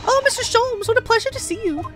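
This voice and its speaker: A woman's voice: very high voice, lively intonation, quick pace, faint music behind, pitched above the performer's own voice. A woman voicing a polite, cheerful young female legal assistant. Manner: bright, polite.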